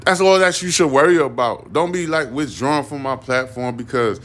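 Solo podcast host, man, loose and defiant, circles back on himself, mid pitch. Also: moderate pace, a bit bright, slight background noise. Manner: rambling and defiant, repeating "you see what I'm saying". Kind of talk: casual solo podcast monologue.

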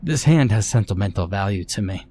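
A man's voice: lowish voice, lively intonation, brisk, mellow, a little hiss or hum. A man doing a fussy, eccentric mortician.

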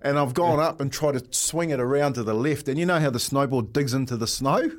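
A man on breakfast radio, telling a story with lots of laughs and a steady stream of "mate". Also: mid-range voice, brisk. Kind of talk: casual radio chat, storytelling.

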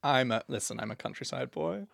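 A camp man co-hosts a podcast, trading theatrical, cheeky banter. His voice sits at an ordinary middle pitch. The studio sound is close and dry, with no room echo. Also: expressive, creaky, a bit bright. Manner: camp, theatrical, quick with innuendo. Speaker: podcast co-host. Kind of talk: camp, bantering casual chat.

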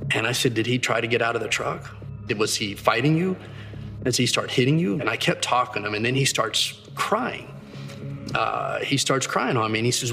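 A mid-pitched detective tells of questioning a suspect, speaking earnestly and quickening as he replays the exchange. Long reverb trails his voice, and music plays clearly under it. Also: fairly bright tone. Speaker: detective interviewee. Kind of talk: recounting an interrogation in an interview.

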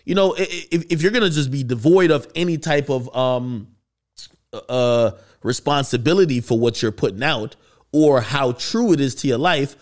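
A man's voice: medium pitch, normal speed. A man hosting a podcast, giving casual, questioning commentary. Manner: conversational, questioning, animated. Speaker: podcast host.

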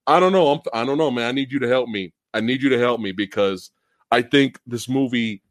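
A man hosting a casual film podcast, ranting profanely and laughing loudly as he talks. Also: mid-range voice, a little fast, dry recording. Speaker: host.

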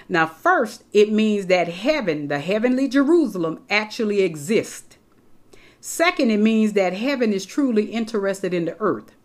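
A woman preaches an emphatic sermon to her congregation. She repeats the key phrases and calls on her listeners directly. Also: medium pitch. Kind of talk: sermon, Bible teaching.

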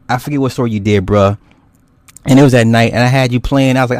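A man's voice: medium pitch, fast talker, a little mellow, dry recording. A man hosting a casual livestream, rambling and swearing loosely with frequent laughs as he reads viewer comments. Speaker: YouTube host.

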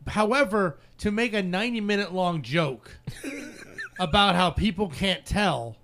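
A man's voice: high voice, measured pace, fairly bright tone, a little hiss or hum. A man co-hosting a podcast, telling stories in casual chat, laughing often and swearing freely. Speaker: podcast co-host.

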